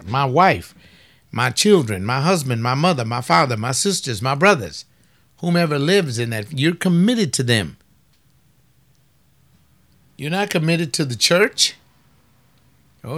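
A man's voice: fairly high pitch, a bit bright. A man giving a folksy, preaching-style talk on family life. He teases his listeners and fires off rhetorical questions.

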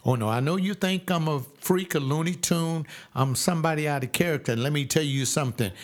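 A man's voice: a little high, brisk. A man in his seventies preaching a sermon, emphatic and repetitive, often acting out voices. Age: 70s.

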